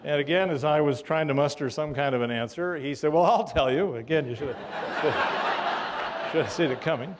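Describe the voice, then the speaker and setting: A man's voice: fairly high pitch, normal speed, very noisy. An older man, a history professor, giving a public lecture in a room with an audience, telling anecdotes with a wry, dry humor and frequent fillers.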